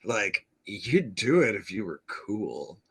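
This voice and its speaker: A man's voice: on the low side, very animated, slow pace, gravelly, very noisy. A male podcast host chattily recapping an episode, laughing often and acting out the characters' lines.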